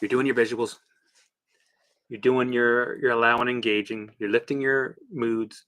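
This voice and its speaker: Blunt, bright-voiced man coaching. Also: mid-range voice, flat delivery, a little slow. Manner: blunt, swears freely, acts out his own voice. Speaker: recovery coach. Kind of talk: casual monologue.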